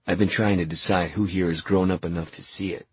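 A calm, scheming schoolboy who speaks slowly and in a hush, drawing his listener in, as a man puts him on for an audiobook. The voice is low and husky. It is recorded close and dry. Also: no echo. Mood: whispering. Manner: hushed, slow and conspiratorial. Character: scheming, calm, quiet adolescent boy.

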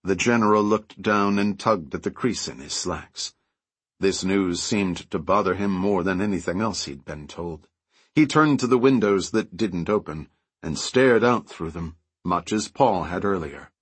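A man narrating an audiobook in an even, measured reading. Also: low voice, breathy edge, dry recording. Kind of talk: scripted narration.

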